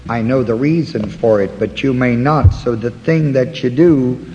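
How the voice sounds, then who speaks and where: Slow, deliberate man teaching Bible study. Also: mid-range voice, darkish tone, long reverb tail, muffled recording. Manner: slow, deliberate, pausing to point out references.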